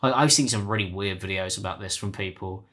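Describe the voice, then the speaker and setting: A man's voice: sits low, fairly quick, a bit bright. A man giving blunt, exasperated commentary and swearing casually. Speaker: commentary YouTuber.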